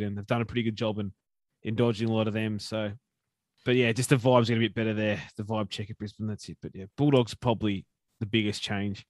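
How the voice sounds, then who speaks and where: Laid-back podcast co-host. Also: male voice, fairly low pitch, flat delivery, fast, darkish tone, no echo. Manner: laid-back, filler-heavy. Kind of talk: casual chat.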